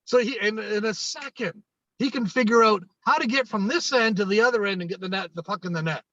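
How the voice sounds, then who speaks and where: This podcast guest is a Canadian sales coach who recounts anecdotes by acting out the dialogue, restarting and repeating phrases again and again. He has a high, somewhat bright voice and talks a little fast. The audio is dry, dull and lo-fi.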